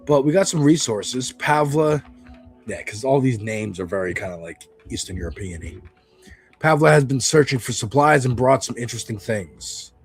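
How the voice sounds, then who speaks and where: A man chats through a video game as he plays, rambling, loose and now and then swearing. His pitch rises and falls freely, and game music plays faintly underneath. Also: lively intonation, moderate pace, husky. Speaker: streamer playing a video game. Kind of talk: casual gameplay commentary.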